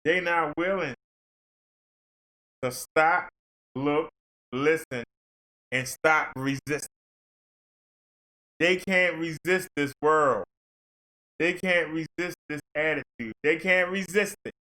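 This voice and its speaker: A man's voice: a little high, slow pace, long pauses, bright, forceful tone. Fervent, preachy man on a livestream. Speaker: livestream commentator.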